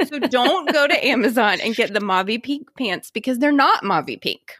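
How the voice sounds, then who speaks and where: A woman's voice: normal speed, hardly any pauses, no echo, clean studio sound. A woman in her thirties co-hosting a podcast, telling a funny story in casual chat and acting out the quotes. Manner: animated storyteller, acts out quotes with big pitch jumps. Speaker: podcast co-host.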